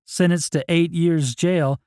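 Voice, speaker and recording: A man's voice: on the high side, steady tone, takes it slowly, darkish tone, clear, resonant tone, dry recording, clean studio sound. A man narrating an audiobook in the first person in a plain, matter-of-fact way.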